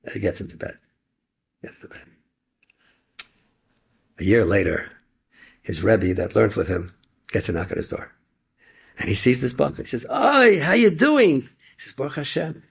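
A man telling an inspirational story in animated storytelling, sprinkling Yiddish and Hebrew words. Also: lowish voice, moderate pace, vocal fry, long pauses, husky.

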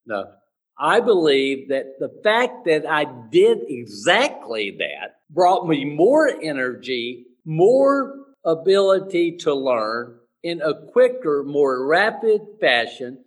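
A man being interviewed, earnest and motivational, halting and searching for words with restarts. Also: fairly high pitch, very animated, recorded from a distance, low-quality recording. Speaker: interview guest, speaker and teacher. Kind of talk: sit-down interview.

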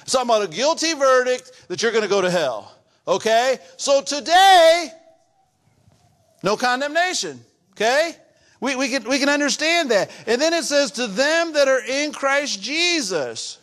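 High-voiced earnest male pastor preaching. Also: lively intonation, normal speed, a bit bright. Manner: earnest, repetitive, building to emphatic outbursts. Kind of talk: sermon. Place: church.

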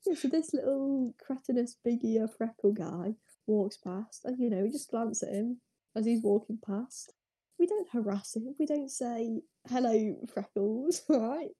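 A woman's voice: on the high side, warm tone, husky. A woman telling a story in casual chat, chatty and sarcastic, laughing often.

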